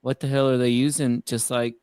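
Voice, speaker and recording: A man hosting a live-stream talk show in a relaxed, conversational manner. He leans into emphatic asides and keeps things moving. His voice is mid-range and recorded dry and close. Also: medium pitch, a little fast, clear, resonant tone, dry recording. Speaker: host. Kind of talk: casual live-stream chat.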